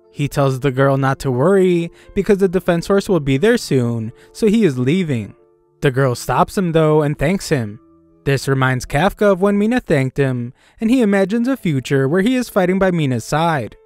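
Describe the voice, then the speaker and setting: A man narrating an anime recap in a steady, matter-of-fact scripted storytelling manner. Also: a little high, dry recording. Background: faint background music.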